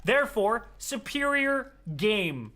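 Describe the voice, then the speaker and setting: Excitable high-voiced young gamer guy. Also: slow. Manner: excitable, profane trash talk with sudden yelling bursts. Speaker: gaming video creator. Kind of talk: live gameplay commentary.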